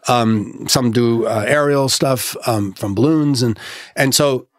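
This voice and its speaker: A man's voice: mid-range voice, takes it slowly, no room sound, studio quality. A man talking as a filmmaker guest in a casual interview, telling a story with many fillers and restarts, his voice lifting when he gets moved.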